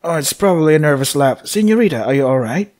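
A man's voice: fairly high pitch, lively intonation, quick pace, a little mellow. A young man playing a game, reading its text aloud with loose, joking commentary and frequent laughs. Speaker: let's play host.

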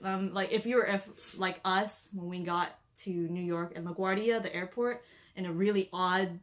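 A woman's voice: fairly low pitch, steady tone, moderate pace. A young woman vlogging in casual chat, rambling with lots of filler words as she warns viewers to be careful. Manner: chatty, rambling with many "like" and "um" fillers, giving cautionary advice. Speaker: travel vlogger.

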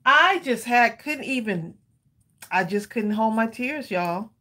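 A woman's voice: a little high, expressive, takes it slowly, bright, forceful tone. Chatty woman hosting a craft stream. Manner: chatty, laughing, addresses viewers as y'all. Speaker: craft channel host. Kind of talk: live-stream craft chat.

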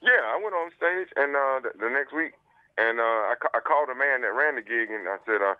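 A man's voice: mid-range voice, a little fast, no room sound. A middle-aged comedian from the United States, a man, telling a story over the phone in a laid-back, drawling way. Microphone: telephone. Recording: dull dry phone line.

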